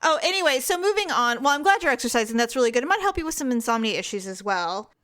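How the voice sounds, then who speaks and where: A middle-aged woman co-hosting a podcast, chatting casually and reacting quickly. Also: high voice, very animated, a bit bright. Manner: quick reactions, laughs easily. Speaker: podcast co-host. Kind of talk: casual chat.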